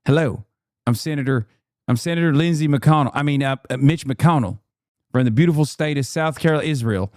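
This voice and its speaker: A man's voice: a little high, fairly quick, darkish tone, no echo, studio quality, natural voice. A man putting on a muddled elderly senator who keeps stumbling over his words and correcting himself. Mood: flustered.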